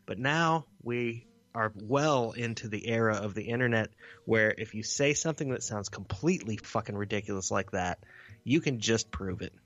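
A man's voice: on the low side, normal speed, fairly bright tone, dry recording, muffled recording. A man co-hosting a podcast, chatting casually with wry, teasing humor and some swearing. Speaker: podcast co-host. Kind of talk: casual comedic chat.

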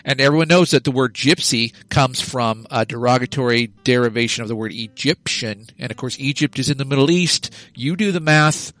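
A man's voice: medium pitch, fairly quick, few pauses, a bit bright, no room sound, rough recording. A man hosting a podcast, telling stories in a wry, casual way. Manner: wry, storytelling. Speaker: podcast host.

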